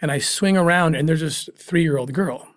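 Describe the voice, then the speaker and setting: Earnest man telling a story, halting with emotion. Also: fairly high pitch, no room sound, studio quality. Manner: earnest, halting, restarts when moved. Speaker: guest recounting undercover work.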